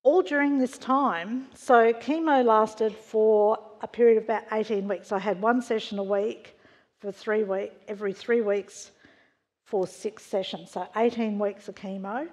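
A woman's voice: medium pitch, fairly even intonation, a little slow, darkish tone. Woman in her 60s, church hall echo. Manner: frank and conversational, wry understatement. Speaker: church member sharing a testimony. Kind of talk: personal testimony talk. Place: church hall before a congregation. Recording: long reverb of a church hall.

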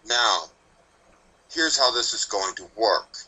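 A man's voice: fairly low pitch, lively intonation, slow pace, pushed and bright, breathy edge, full character voice, poor audio. A man voicing a grumpy, ancient male Grim Reaper pony, speaking bluntly with dry sarcasm in a fan story reading. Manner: blunt, snappish, dryly sardonic.

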